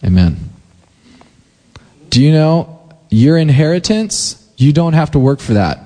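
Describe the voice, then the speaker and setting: A man preaching a sermon in a loose, conversational way, retelling scripture with quick voiced quotes and growing emphatic. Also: fairly high pitch, very animated, dark tone. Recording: long hall reverb.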